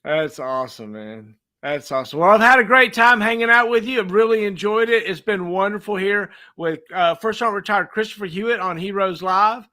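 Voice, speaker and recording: Bright, enthusiastic male show host. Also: high voice, lively intonation, brisk, few pauses. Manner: enthusiastic, encouraging. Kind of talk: casual interview talk.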